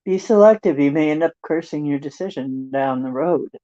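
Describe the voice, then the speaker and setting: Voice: medium pitch, moderate pace, dark tone. An older tarot reader on a livestream, reading card texts with rambling, joking asides. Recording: dry, dull lo-fi stream audio.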